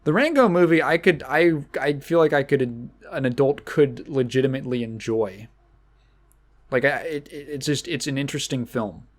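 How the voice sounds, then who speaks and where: A man's voice: mid-range voice, moderate pace. Rambling male podcast host. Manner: rambling, with many restarts and fillers. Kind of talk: casual solo podcast chat.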